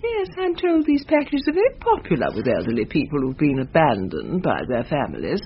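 A woman's voice: deep voice, huge pitch swings, a little fast, muffled recording, a little hiss or hum, exaggerated voice. An actress playing a manipulative elderly mother in a radio sitcom, speaking with sweet, self-pitying passive aggression. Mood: martyred. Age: older. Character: manipulative elderly mother, martyred and guilt-tripping.

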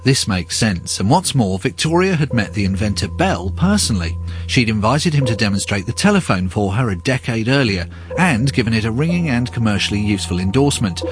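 A man's voice: fairly low pitch, lively intonation, a little fast, slight background noise. A man presenting a radio documentary in a wry, inquisitive way.

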